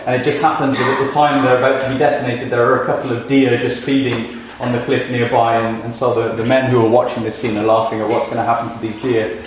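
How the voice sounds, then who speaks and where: Earnest preacher in an echoey hall. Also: male voice, mid-range voice. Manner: earnest, illustrative storytelling, rhetorical questions. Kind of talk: sermon. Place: hall at a family camp. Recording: echoey room, faint noise.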